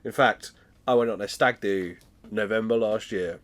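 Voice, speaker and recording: Chatty British man with a lowish voice. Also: normal speed. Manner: chatty storyteller who laughs often. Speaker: podcast co-host. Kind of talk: casual chat recapping a TV episode.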